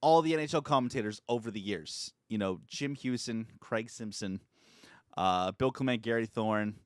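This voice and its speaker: A man's voice: fairly low pitch, normal speed, smooth, no room sound. Rambling, enthusiastic young man, dry sound. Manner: enthusiastic, rambling, many fillers. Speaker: podcast co-host. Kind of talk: casual chat.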